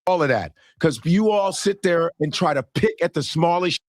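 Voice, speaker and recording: A man's voice: fairly high pitch, animated, normal speed, no room sound, studio quality. A man from Chicago hosting a podcast, talking defensively, swearing and talking over others. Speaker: podcast host. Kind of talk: podcast talk.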